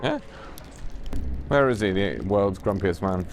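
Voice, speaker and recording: A man with a lowish voice who chips in with short, dry, teasing remarks during casual chat at a scrapyard. Music plays clearly beneath him. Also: lively intonation, a little slow. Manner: teasing, dry one-liners. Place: outdoors at a scrapyard. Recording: music playing under the voice.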